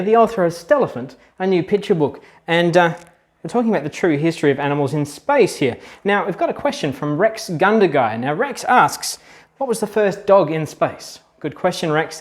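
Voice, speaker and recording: A man, a children's book author, telling facts to kids in a chatty, casual storytelling manner. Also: fairly high pitch. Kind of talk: explainer video for kids.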